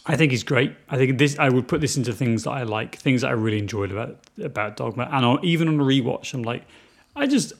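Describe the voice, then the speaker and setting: A man's voice: mid-range voice, animated, fast. A British man chatting about films as a podcast co-host, enthusiastic and rambling. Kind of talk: casual film review chat.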